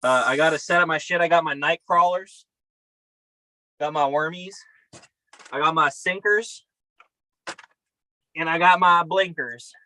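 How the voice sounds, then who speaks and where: A man's voice: on the high side, a little slow, pauses often, bright, forceful tone, no room sound, low-quality recording. A man co-hosting a podcast over a video call from his camper, talking in a profane, upbeat, rambling way. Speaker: podcast co-host. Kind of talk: casual chat. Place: camper by a river outdoors.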